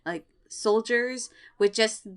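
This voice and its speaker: A woman's voice: a little high, slow pace, smooth. A woman co-hosting a casual anime podcast, giggly and playful. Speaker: podcast co-host. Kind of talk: casual anime recap chat.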